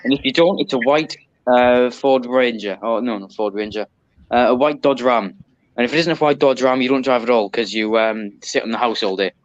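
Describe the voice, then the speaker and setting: A man's voice: medium pitch, normal speed, dry recording. A man from northeast England with a Sunderland accent, chatting as a podcast guest with dry, teasing humor. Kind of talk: casual chat. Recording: dull, dry, lo-fi sound.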